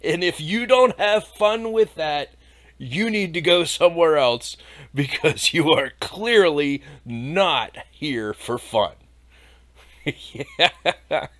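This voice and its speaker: A man with a slightly high voice tears into scripture in an irreverent comedy podcast. He swears freely, turns sarcastic and laughs at his own jokes. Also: animated, slow, fairly bright tone. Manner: reads scripture aloud then mocks it. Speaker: podcast host. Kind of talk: irreverent comedic Bible commentary.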